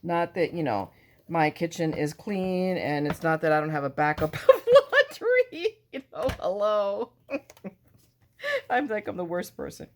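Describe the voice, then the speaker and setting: A woman hosting a card-making tutorial in casual, rambling chat, loud and full of self-joking asides. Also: fairly low pitch, big pitch swings, measured pace, slight background noise. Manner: loud talker.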